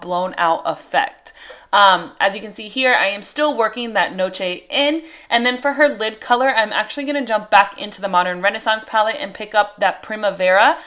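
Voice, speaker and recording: A makeup artist narrates a tutorial in a relaxed voice-over, her voice at an ordinary middle pitch. She's chatty and friendly, explaining each step conversationally as she goes.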